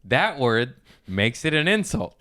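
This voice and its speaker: A man's voice: medium pitch, sing-song, a little slow, bright, forceful tone, no room sound, studio quality. A man, a comedian guest on a podcast, joking brashly and swearing in casual chat.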